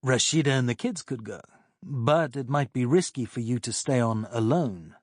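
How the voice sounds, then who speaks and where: A man voicing a steady policeman who speaks in a measured, slightly pompous way. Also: mid-range voice, dry recording, studio quality, lightly acted. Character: calm steady country policeman.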